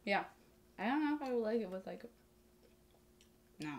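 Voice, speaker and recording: A woman's voice: mid-range voice, lively intonation, normal speed. A young woman co-hosting a cooking channel, reading recipe steps and tasting food with enthusiasm. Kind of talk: recipe narration and casual chat.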